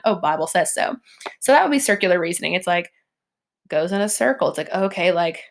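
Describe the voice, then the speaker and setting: A young woman, teaching a recorded lesson in a chatty way, with many "like" and "um" fillers. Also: mid-range voice. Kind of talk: recorded classroom lecture over slides.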